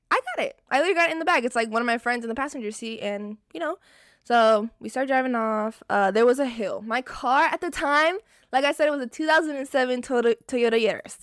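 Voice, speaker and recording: Animated young woman telling a story. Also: on the high side, dry recording, studio quality. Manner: animated, expressive and profane. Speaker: vlogger. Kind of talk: casual storytime chat.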